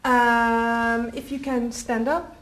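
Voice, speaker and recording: A woman teaching an English class, giving clear instructions and frequent praise. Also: fairly high pitch, level tone, slow, fairly bright tone, reverberant, a little hiss or hum.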